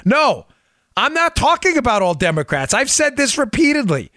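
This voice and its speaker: A podcast host with a high, lively voice offers political commentary, stressing his points hard with wide swings in pitch. He's animated and laughs often, though his pace stays measured. The sound is dry and close, with no room ambience.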